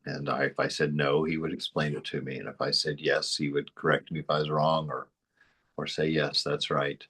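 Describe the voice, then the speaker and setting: A man's voice: a bass voice, flat delivery, fairly quick, fairly bright tone, breathy edge. A man giving an informal spiritual teaching, rambling into anecdotes and chuckling often. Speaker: spiritual study group teacher.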